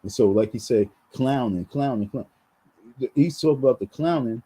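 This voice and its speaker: A man's voice: medium pitch, normal speed, mellow, husky, rough recording. A man venting in a heated, repetitive rant on his vlog, full of restarts and slang. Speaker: vlogger.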